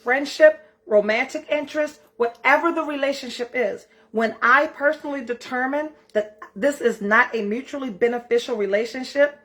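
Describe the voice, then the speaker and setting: Middle-aged female host with a fairly high voice, blunt and emphatic, cussing freely in a casual motivational talk. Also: a bit bright. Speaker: self-care challenge host.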